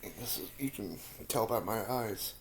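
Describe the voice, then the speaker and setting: A man's voice: on the low side, expressive, slight background noise. Rambling man eating spicy peppers. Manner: rambling, self-deprecating, with pauses from the heat. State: mouth full, feeling spicy heat. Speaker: vlogger answering viewer questions. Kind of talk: casual chat while eating hot peppers.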